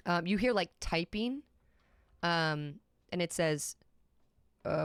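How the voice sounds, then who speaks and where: A woman narrating as game master of a tabletop role-playing game, with measured pacing and frequent ums. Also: lowish voice, animated, smooth, no room sound.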